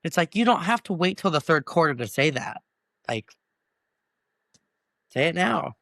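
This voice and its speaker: A man's voice: on the high side, a little fast, no room sound. A young man in his twenties, a first-year middle school band teacher, telling stories in a casual interview and acting out the voices he quotes. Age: 20s. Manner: animated storyteller who acts out quoted voices.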